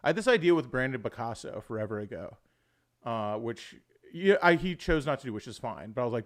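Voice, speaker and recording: A man's voice: mid-range voice, very animated, a little fast. Rambling, swearing man in casual chat. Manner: rambling, swears often, says "dude" a lot. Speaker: livestream host.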